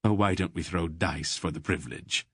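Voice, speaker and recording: A man's voice: deep voice, normal speed, slightly rough, dry recording, clean studio sound. Man doing a sly wry trickster.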